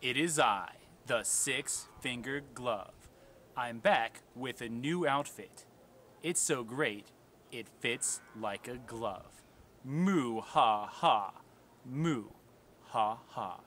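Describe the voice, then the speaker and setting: A man voicing a scheming, gleeful glove villain in a homemade puppet skit, drawing out slow, gloating lines. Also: mid-range voice, a bit bright, slight background noise.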